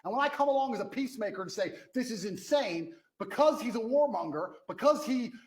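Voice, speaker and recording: A man speaks with a high, swooping voice that climbs and drops through wide turns. He argues as a guest in a heated debate, forceful and indignant, hammering the same points again and again. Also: expressive, fast, poor audio. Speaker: interview guest.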